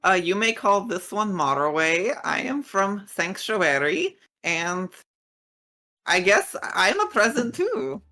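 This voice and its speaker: A naive, odd adventurer speaks slowly and hesitantly, played by a woman. Her voice is bright and lively. Faint music sits underneath. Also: mid-range voice, full character voice. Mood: earnest. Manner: slow and hesitant, calls self "this one".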